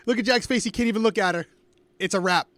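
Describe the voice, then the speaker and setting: A man co-hosting a casual live stream, making fast, emphatic calls. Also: sits high, fairly bright tone, dry recording. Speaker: co-host.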